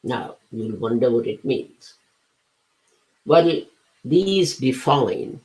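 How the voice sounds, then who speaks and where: On a low-quality recording, a man with a medium-pitched, slightly mellow voice lectures on religion. He explains scripture patiently, step by step, using everyday examples, and occasionally hesitates or corrects himself.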